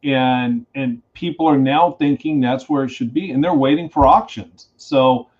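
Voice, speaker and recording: A man who is a guest on a casual podcast, a reptile breeder speaking in a blunt, animated way. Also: mid-range voice, unhurried. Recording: slightly dull lo-fi sound.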